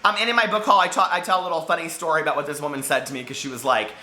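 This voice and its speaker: A man's voice: fairly high pitch, fairly even intonation, rapid-fire, sharp tone, roomy sound. A man chatting casually about books he read this week, rambling and giggling, overheated in a hot room. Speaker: book vlogger. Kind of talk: casual chat.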